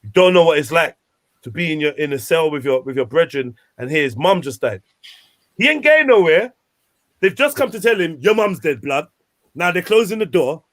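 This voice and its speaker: A man's voice: on the high side, animated, a little fast. A man hosting a casual panel chat, speaking passionately in street slang. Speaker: show host.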